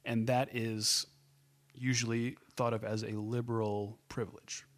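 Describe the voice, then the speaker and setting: A man in casual conversation, relaxed and laughing easily, sometimes groping for a name. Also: mid-range voice, a little slow.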